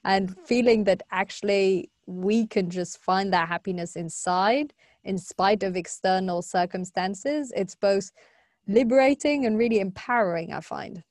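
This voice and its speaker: A woman's voice: medium pitch, a little slow, no echo. Dry-sounding woman hosting an interview. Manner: warm, affirming, laughs easily. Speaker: podcast host. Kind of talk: casual interview chat.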